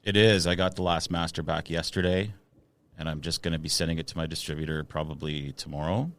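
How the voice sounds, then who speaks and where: A man's voice: extremely low pitch, fairly even intonation, brisk, a bit bright. A man in his thirties, a musician guest on a casual podcast, talking with hesitant fillers and restarts.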